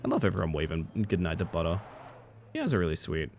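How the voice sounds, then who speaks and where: A man's voice: sits low, big pitch swings, quick pace, a little mellow. A man live-streaming a racing game, chatting casually and riffing playfully on his viewers' comments. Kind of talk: casual live-stream chat while playing.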